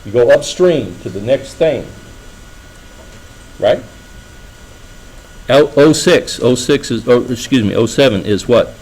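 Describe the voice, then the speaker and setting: A man's voice: mid-range voice, lively intonation, slow pace, pauses often, darkish tone, husky, poor audio. A middle-aged man giving a classroom lecture, talking casually and checking in with the students often. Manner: conversational, asks students frequent checking questions. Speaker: engineering lecturer.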